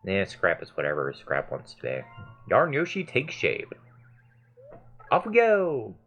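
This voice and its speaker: A man narrates his own gameplay in an excitable, gushing way, dropping casual curses. His pitch swings widely as he reacts. Faint game music plays behind him. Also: measured pace, lo-fi sound. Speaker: let's play host. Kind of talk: game commentary.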